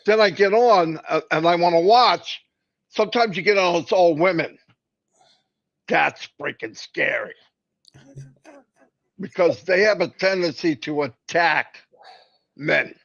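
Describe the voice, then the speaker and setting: A man's voice: high voice, unhurried, vocal fry, pauses often, fairly bright tone. A man co-hosting a casual live stream, rambling and joking with many fillers and restarts. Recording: dull lo-fi stream audio.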